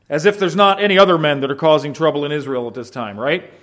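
Male pastor, lively expository preaching, slightly high pitch, asks the room questions. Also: a little fast. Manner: animated, rhetorical questions, acts out quoted shouts. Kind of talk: expository sermon.

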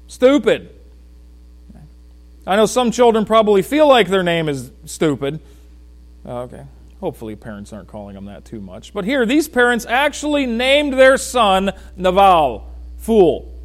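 A man preaching a sermon in a folksy, joking way, talking straight to people in the congregation and swinging from loud emphasis to quiet asides. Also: a little high. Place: church.

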